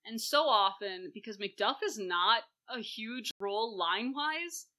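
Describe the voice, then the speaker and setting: A woman co-host chatting casually about a play with a bright, forward tone. She gushes over the parts she loves and slips in sarcastic asides. Her delivery is animated throughout. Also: a little high, unhurried. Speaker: podcast co-host.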